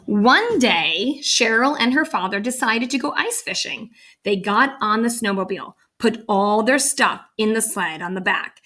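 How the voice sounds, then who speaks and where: A woman's voice: mid-range voice, a bit bright. A woman reading a picture book aloud, breaking off for chatty, amused asides. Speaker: storybook reader. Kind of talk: read-aloud storytelling with asides.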